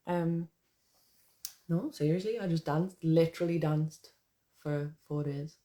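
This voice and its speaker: A woman's voice: low-pitched, steady tone, slow, pauses often, dark tone. A woman poet chatting casually to her viewers, rambling and swearing, then reading her own poem aloud. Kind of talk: casual live chat and poetry reading.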